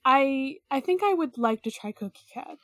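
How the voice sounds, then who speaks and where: A woman co-hosting a casual podcast with a high voice, rambling along and hesitating often. She is recorded on a close, dry mic with no room echo. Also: lively intonation, normal speed. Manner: rambling, hesitant, many fillers. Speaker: podcast co-host.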